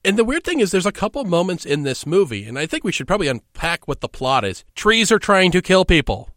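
A man in casual podcast chat reviewing a film, animated and profane, laughing often. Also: high voice, brisk, dry recording, clean studio sound. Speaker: podcast co-host.

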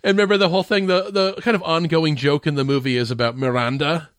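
A man's voice: fairly high pitch, steady tone, quick pace, fairly bright tone, no echo, studio quality. A man co-hosting a casual movie discussion podcast, retelling scenes with energy and laughing as he goes. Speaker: podcast co-host.

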